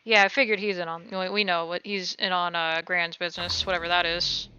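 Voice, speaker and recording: A woman streamer playing a game live, joking and reading characters' lines aloud in an animated way. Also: fairly low pitch, brisk, a little hiss or hum. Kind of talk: livestreamed game playthrough, reading dialogue aloud. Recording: slightly dull stream audio. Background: game music.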